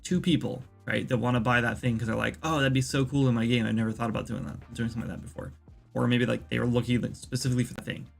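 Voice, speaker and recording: A man's voice: medium pitch, vocal fry. A man chatting casually as an indie game developer on a livestream, rambling and thinking aloud with lots of fillers.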